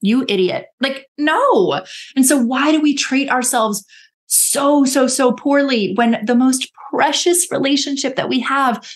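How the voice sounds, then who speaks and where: A woman with a slightly high voice talks earnestly in a relaxed podcast chat. She often slips into little quoted voices to act out her inner dialogue, sounding like a coach talking things through. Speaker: guest coach. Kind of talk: casual podcast conversation.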